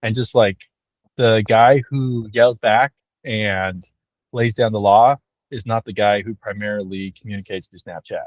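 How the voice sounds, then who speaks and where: A man's voice: on the low side, fairly even intonation, measured pace, no room sound. Rambling man musing on a video call. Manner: reflective, rambling with many "like"s. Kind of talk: casual panel chat.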